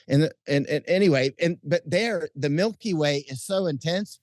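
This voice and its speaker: Animated middle-aged man telling stories. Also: fairly high pitch, quick pace, dry recording, studio quality. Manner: animated storyteller, frequent restarts and chuckles. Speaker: interview guest, combat correspondent. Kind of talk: casual interview chat. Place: outdoors at night under lights.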